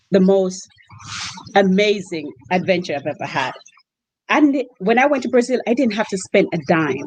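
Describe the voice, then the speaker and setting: Animated woman telling stories. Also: mid-range voice, slight background noise, rough recording. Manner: animated storyteller, acts out quotes. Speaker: host family mom for exchange students. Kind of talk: storytelling interview chat.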